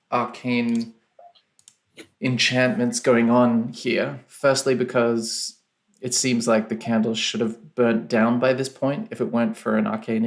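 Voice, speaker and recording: A man acting as game master of a tabletop game, narrating at a measured pace and thinking aloud as he describes things. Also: medium pitch.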